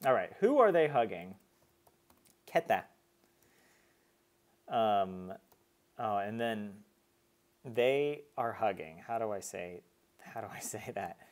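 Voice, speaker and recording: A man's voice: lowish voice, big pitch swings, slow, pauses often. A man chatting casually on a live stream, chatty and self-mocking, laughing at his own slips. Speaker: streamer learning a language.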